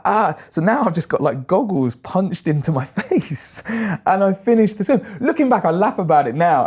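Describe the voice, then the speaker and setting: A British man in his thirties telling animated stories in a casual interview. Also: fairly high pitch. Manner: animated storyteller, acts out quoted voices. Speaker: guest, long-distance swimmer.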